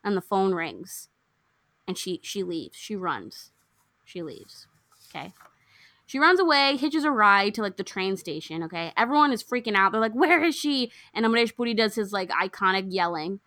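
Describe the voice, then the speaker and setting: A young woman casually recapping a film plot, acting out the characters' lines with lively swings. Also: medium pitch, moderate pace, no echo. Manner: animated storyteller, acts out characters' lines. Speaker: podcast co-host recapping a film. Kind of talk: casual chat.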